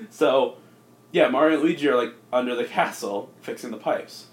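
A man co-hosting a casual comedy podcast, rambling through a movie pitch with lots of fillers. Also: moderate pace. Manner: rambling, filler-heavy, jumps into silly voices. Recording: echoey room.

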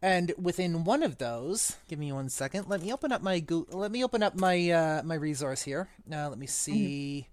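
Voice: medium pitch, animated, normal speed, few pauses, darkish tone, dry recording. A book club podcast co-host in casual chat, rambling and thinking aloud, with the odd swear.

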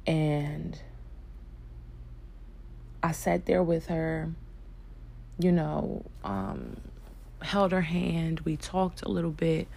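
A young woman recounts a personal story in a soft, hesitant way, pausing often and starting over. Her voice sits a little low and carries a gravelly fry. She takes her time, and her delivery is unhurried. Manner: soft-spoken, hesitant, with many fillers and restarts. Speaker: vlogger sharing a personal story.

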